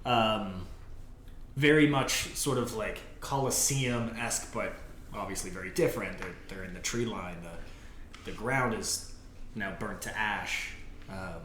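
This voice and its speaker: Male game master, chatty and loose, bright tone, roomy recording. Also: on the low side, unhurried. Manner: rambling, lots of fillers and laughs. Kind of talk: narrating a tabletop game. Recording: echoey room with faint noise.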